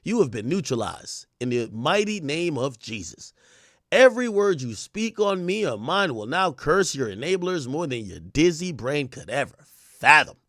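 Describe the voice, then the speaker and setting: Brief: a boastful, haughty female rap star with a high, swooping voice, as a man puts her on, dry close sound. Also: very animated, moderate pace, a bit bright, dry recording. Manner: high, mocking impression read aloud.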